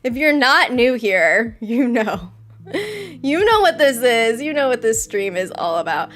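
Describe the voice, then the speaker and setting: Young woman streamer, high-voiced, giddy and easily excited, chatting casually with her viewers, faint music underneath. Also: unhurried. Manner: excitable, bursts into squeals and laughter. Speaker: livestream host. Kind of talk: casual livestream chat.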